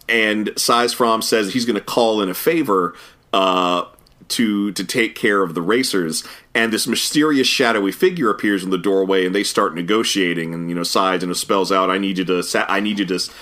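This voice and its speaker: A podcast co-host with a fairly low-pitched voice chats casually and thoughtfully, reviewing an animated episode. He uses frequent fillers and often restarts what he's saying.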